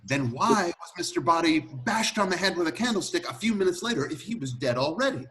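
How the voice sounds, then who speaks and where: A man reading the part of an excitable butler who explains a murder solution in an amateur script read-through, telling it in an animated, theatrical way. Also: a little high, a little fast.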